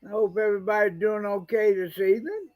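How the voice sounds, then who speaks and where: A man's voice: sits high, fairly quick, a little mellow, rough recording. A man co-hosting a live stream, chatting in a folksy, rambling way and restarting his sentences. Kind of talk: casual live-stream chat.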